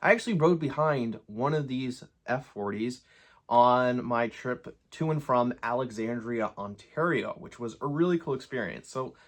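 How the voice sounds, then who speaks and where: A man's voice: mid-range voice, expressive, moderate pace. A young man hosting a model train channel, chatty and upbeat, with a casual hobby vlog delivery. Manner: chatty and upbeat, jokes about his own accent.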